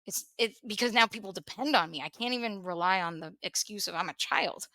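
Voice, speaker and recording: A woman opens up in a candid podcast conversation, her voice bright and forceful. She circles back over her words, laughing wryly through the heavy moments. The sound is dry and close. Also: medium pitch, brisk, hardly any pauses, no echo. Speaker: podcast host.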